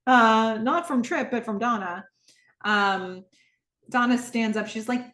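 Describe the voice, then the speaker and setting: A woman's voice: a little high, a little slow, reverberant. A woman hosting a podcast, casually recapping a TV episode, acting out the characters' lines and laughing often. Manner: retells scenes, acting out lines in shifting voices; laughs often, lively and amused. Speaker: podcast host.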